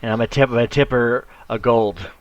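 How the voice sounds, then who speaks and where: A man's voice: medium pitch, normal speed. Male player, jokey banter, dull audio, faint hiss. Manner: joking, loud. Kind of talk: casual joking banter. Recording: dull lo-fi recording with faint noise.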